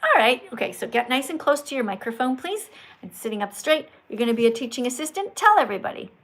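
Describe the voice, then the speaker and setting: A woman's voice: high voice, big pitch swings, fast, a bit bright, poor audio. An older woman hosting a livestream, talking to callers in an emphatic, scolding, teacherly manner. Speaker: livestream host.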